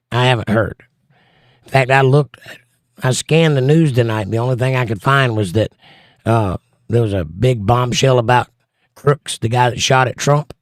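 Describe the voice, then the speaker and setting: Reading out comments from his chat, a casual livestream host answers each with wry humor. His voice is medium in pitch, and the sound is clean studio audio with no echo.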